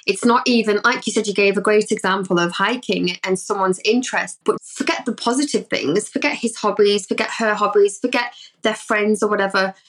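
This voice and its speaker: A woman therapist talking on a podcast, animated and acting out her clients' voices. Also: medium pitch, a little fast. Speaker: therapist guest. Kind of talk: podcast conversation.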